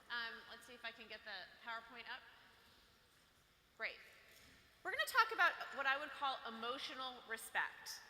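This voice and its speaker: A woman's voice: on the high side, very animated, moderate pace, pauses often, sharp tone, a little hiss or hum. A woman giving a playful, chatty motivational talk to a live audience of girls. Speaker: workshop speaker for girls. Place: large hall. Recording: echoey hall with long reverb.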